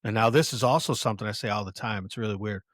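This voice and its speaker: A man with a somewhat low voice walks through a film scene on his podcast, chatty and conversational. He stops and restarts often, correcting himself with fillers along the way. The sound is dry and close. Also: a bit bright, no echo. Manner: halting, self-correcting, full of fillers. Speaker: podcast host. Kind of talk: casual retelling of a film scene.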